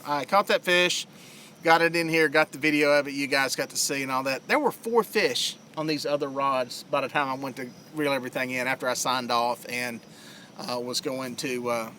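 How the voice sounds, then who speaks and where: Bright-voiced Southern man chatting live. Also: medium pitch, steady tone, a little fast, a little hiss or hum. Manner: rambling, lots of uh fillers. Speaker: fishing livestream host. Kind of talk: casual live-stream chat. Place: outdoors on a lake.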